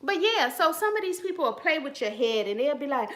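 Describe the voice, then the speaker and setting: A woman's voice: high voice, big pitch swings, fairly quick, a bit bright. A woman hosting a live stream from her phone, casually and bluntly preaching advice in slangy talk while greeting viewers in the chat. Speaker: channel host giving advice.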